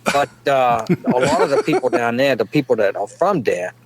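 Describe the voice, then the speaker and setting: A middle-aged man tells a rambling comic story in a folksy way. His voice sits at an ordinary middle pitch. He often breaks into chuckles at his own jokes. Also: wildly swooping pitch, moderate pace. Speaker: comedic podcast guest. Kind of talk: rambling comedic monologue.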